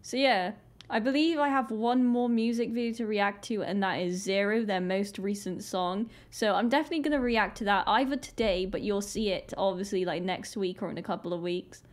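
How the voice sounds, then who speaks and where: A young British woman with a British accent, hosting a casual reaction vlog, chatty and excitable with many "like" fillers. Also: mid-range voice, a little fast. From Britain. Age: young adult. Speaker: reaction video host. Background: faint music video playing.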